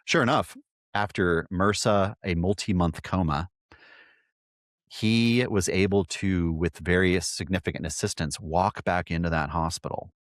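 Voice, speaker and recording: A man with a very low voice tells a long personal story, stopping and restarting mid-sentence. The sound is dry and close, with no room around it. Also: dry recording. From California. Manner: halting, repeats words as he tells a story. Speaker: podcast host.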